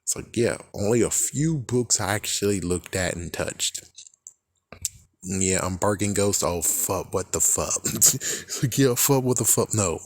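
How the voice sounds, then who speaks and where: Young male vlogger with a low voice and dry sound, rambling and cursing often. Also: unhurried, no echo. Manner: swears a lot, laughs often, rambling. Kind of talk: casual rambling monologue.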